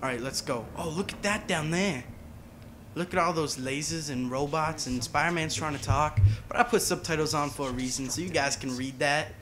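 A man's voice: fairly high pitch, normal speed, fairly bright tone, a little hiss or hum. A man talking casually over a video game, rambling and drifting onto side tangents. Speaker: gaming channel host. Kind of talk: casual gameplay commentary.

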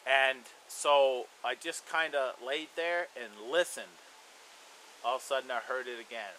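A man hosting a bushcraft and survival channel, telling a story in a relaxed, rambling way with lots of "you know" fillers. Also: mid-range voice, a little slow, a little hiss or hum, low-quality recording. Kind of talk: casual spoken storytelling.

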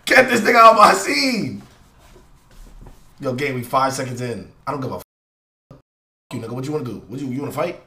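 A young man streaming a live reaction, talking in slang and swinging from low mutters to loud excited shouts. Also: a little fast, long pauses. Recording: roomy echo with faint noise.

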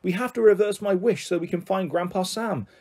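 A man's voice: high voice, fairly quick, voice pushed up. A man voicing a stubborn young boy. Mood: determined. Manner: firm, shouting.

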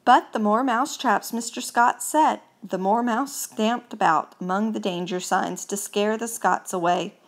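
A woman reading a children's picture book aloud, expressive and unhurried. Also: medium pitch. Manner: slow, expressive storytelling. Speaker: storybook reader.

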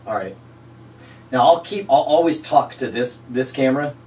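A man chatting casually on an indoor video set, relaxed with fillers and laughs, recorded from a distance. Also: mid-range voice, moderate pace, slight background noise. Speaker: performer and host recording lines. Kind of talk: casual setup talk on a video shoot. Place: indoor video set under studio lights.

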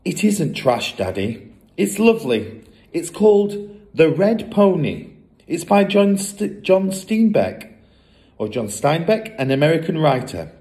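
Storybook little girl, bright and eager, high and sweet, put on by a male reader. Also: big pitch swings, unhurried.

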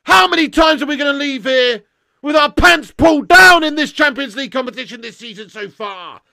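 A man's voice: extremely high pitch, lively intonation, a little fast, vocal fry, no room sound, studio quality. A young man, ranting and swearing as he reacts live to a football match. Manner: ranting, sweary, shouting in frustration. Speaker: football fan streamer.

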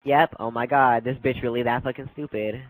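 A man's voice: mid-range voice, steady tone, brisk, noisy background. A man in an online game voice chat, hurling a relentless stream of profane insults through a gaming headset. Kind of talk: heated insult argument. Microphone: gaming headset over online voice chat.

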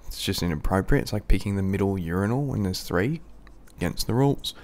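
A young man with an Australian accent and a deep, low voice, casually telling a rambling, crude story. He mocks himself and laughs at his own story as he goes. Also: animated, brisk, darkish tone. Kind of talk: casual anecdote.

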